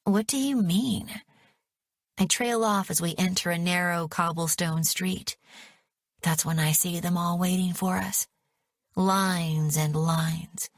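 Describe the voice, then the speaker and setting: Woman narrator, first-person audiobook, unhurried, lower voice. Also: steady tone, dry recording, studio quality. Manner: measured, dramatic.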